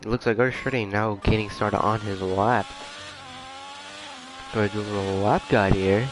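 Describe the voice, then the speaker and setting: Easygoing low-voiced male race streamer. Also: steady tone, normal speed, over music. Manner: rambling, easygoing, mutters asides. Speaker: race league commentator. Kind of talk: casual live-stream commentary. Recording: faint background noise.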